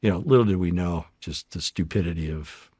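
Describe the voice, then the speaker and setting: A man's voice: low-pitched, a little fast, dry recording, studio quality. Profane American man telling war stories. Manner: profane, animated storyteller acting out dialogue. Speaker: former undercover federal agent, guest. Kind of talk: casual storytelling interview.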